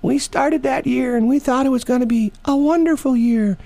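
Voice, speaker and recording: A man's voice: extremely high pitch, normal speed, gravelly, warm tone, voice pushed up. A man voicing a cranky, foul-mouthed old grandmother in a defiant, cussing manner for a comic radio bit. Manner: defiant, swearing with bleeped-style made-up cuss word. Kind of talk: comic impression on morning radio.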